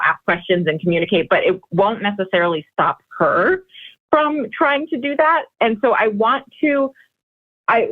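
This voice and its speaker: Brief: female podcast caller, rambling and hesitant, heard over a tinny phone line. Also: fairly low pitch. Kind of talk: telling her problem on a call-in show.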